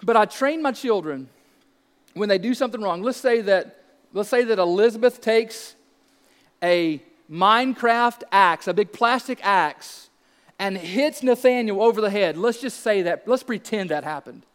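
A man's voice: high voice, measured pace, long reverb tail. A man in his thirties preaching a sermon as pastor, earnest and emphatic, asking rhetorical questions.

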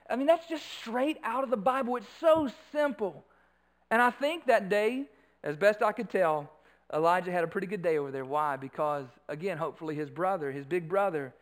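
A middle-aged man preaching a sermon, swinging from quiet asides to loud, stretched-out emphasis. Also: high voice. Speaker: pastor.

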